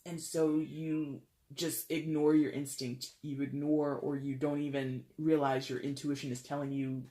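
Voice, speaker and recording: A tarot reader giving a casual, chatty reading, animated and jokey. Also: medium pitch, unhurried, few pauses.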